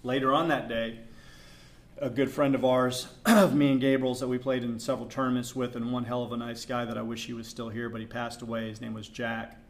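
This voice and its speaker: A middle-aged man spins a story on a podcast in a casual, animated way. His voice is gravelly and sits at an ordinary pitch. He drops into hushed asides and then rises into loud outbursts. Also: a little fast. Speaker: podcast co-host.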